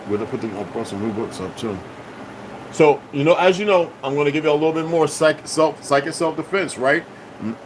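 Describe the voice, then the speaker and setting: Casting: man, somewhat high pitch, combative streamer, swears constantly, rambles, faint background hum. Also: fairly bright tone. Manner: profane, confrontational, rambling. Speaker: channel host. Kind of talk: casual livestream monologue.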